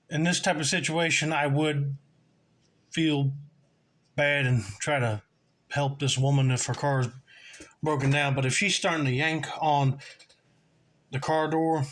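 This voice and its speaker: A man's voice: medium pitch, a bit bright. Chatty man hosting a reaction video. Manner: chatty, speaks straight to viewers. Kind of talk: casual reaction commentary.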